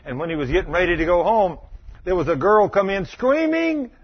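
A man preaching a sermon, telling stories in a fervent, animated way with a husky voice. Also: sits high, brisk, dull audio.

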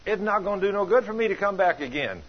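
An older man preaching a folksy sermon, telling stories with chuckles and plain colloquial grammar, with a husky voice. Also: high-pitched, expressive, fast talker. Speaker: pastor. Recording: dull lo-fi sound.

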